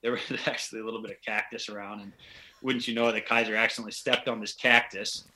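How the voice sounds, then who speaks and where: A man's voice: on the low side, little pitch movement, fast talker, bright, forceful tone, slight background noise. A man telling a long, rambling story in a casual podcast chat, acting out the voices of the people he quotes. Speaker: podcast guest, pro hockey player.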